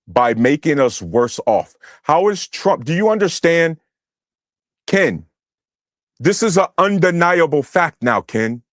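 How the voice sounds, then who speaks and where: High-voiced young man ranting angrily. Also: no echo, studio quality. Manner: angry, profane, shouting at chat. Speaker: streamer reacting to chat. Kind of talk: heated political livestream rant.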